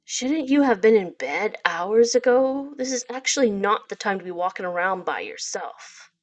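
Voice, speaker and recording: A woman voicing a polite, doting stone monster man in a game read-through, with a put-on gravelly, formal way of talking. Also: medium pitch, animated, moderate pace, lightly acted. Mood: courtly. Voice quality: attempted gravelly stony voice. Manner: formal old-fashioned phrasing, apologetic.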